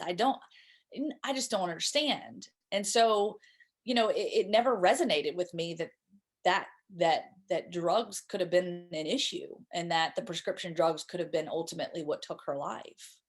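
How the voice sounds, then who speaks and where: A woman in her thirties, a guest in an interview, recounting a painful personal story in a halting, emotional way with many repeated words. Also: lowish voice. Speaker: guest speaker.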